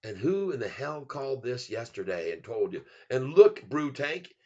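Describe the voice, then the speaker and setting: A man's voice: mid-range voice, sing-song, moderate pace. A man hosting a casual livestream, rambling and joking as he calls out his stock trades. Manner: rambling, joking, laughs often. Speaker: livestream host trading stocks. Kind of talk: casual live commentary. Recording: dull lo-fi sound.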